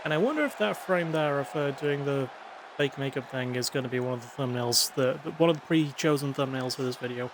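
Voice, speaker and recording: A man's voice: mid-range voice, brisk. A sleepy man giving laid-back, swearing play-by-play commentary of a wrestling video game. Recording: crowd noise and game sounds behind.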